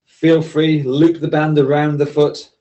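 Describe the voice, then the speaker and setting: A man's voice: fairly high pitch, flat delivery, measured pace, warm tone, poor audio. A man instructing a seated exercise class, giving friendly, encouraging, step-by-step cues. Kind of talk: leading a seated workout class.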